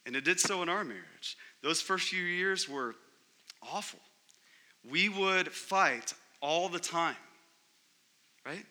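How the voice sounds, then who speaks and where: A young adult man preaching a sermon, talking in a conversational way and dropping low and quiet on the key words. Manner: conversational, emphatic, drops low and quiet for stress. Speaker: pastor.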